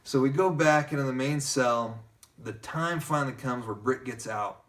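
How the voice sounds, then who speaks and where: A man's voice: medium pitch, normal speed, a little hiss or hum. Man spinning a story, slightly distant mic. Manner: lively narrator who keeps acting out quoted dialogue. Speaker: guest telling a personal story. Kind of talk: casual storytelling.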